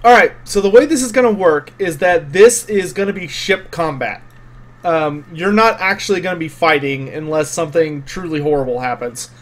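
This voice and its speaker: A man's voice: a little high, moderate pace. A man narrating as game master of an online tabletop game, describing the scene vividly with some fillers.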